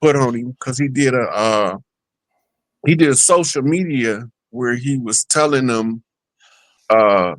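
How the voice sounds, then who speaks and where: A man's voice: medium pitch, measured pace, dry recording, poor audio. Rambling man on a talk show, dry sound. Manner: loose, rambling, conversational. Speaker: show guest. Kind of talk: casual talk show chat.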